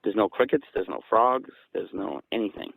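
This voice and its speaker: A man's voice: normal speed, gravelly, slightly rough, no echo, narrow, tinny audio. Guy from southeastern massachusetts telling a story, gets worked up, dry sound no room. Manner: excited, gets louder and higher when quoting. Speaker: guest recounting an encounter. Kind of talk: casual storytelling.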